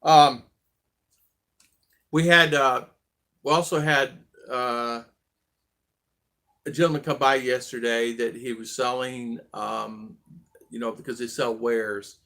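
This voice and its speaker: Male live-stream host, gravelly voice, friendly and rambling, halting with lots of fillers. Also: mid-range voice, steady tone, fairly bright tone. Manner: friendly, greets viewers one by one. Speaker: livestream vlog host. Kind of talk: casual live chat greeting viewers.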